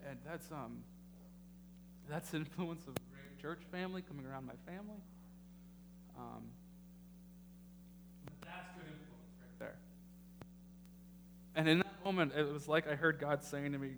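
A man preaching a sermon as pastor, halting with many ums and emotional at times. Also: fairly high pitch. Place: church sanctuary. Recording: echoey hall with faint noise.

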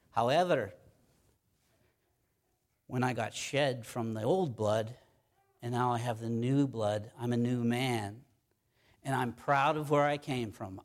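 Male pastor, mid-pitched voice, emphatic sermon delivery, repeats key lines, reads verses slowly.

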